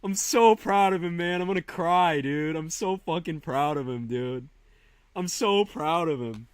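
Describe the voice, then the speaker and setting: Male stream host, higher pitch, dry close sound, emotional and profane commentary. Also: measured pace, smooth, no room sound. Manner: emotional, profane, repeats himself. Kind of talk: live storm coverage commentary.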